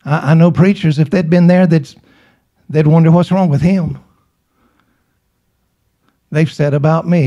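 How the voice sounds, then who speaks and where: A man's voice: on the high side, fairly even intonation, a little slow, pauses often, warm tone, dull audio. Emphatic man preaching a sermon. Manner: emphatic, repeats and asks the congregation questions.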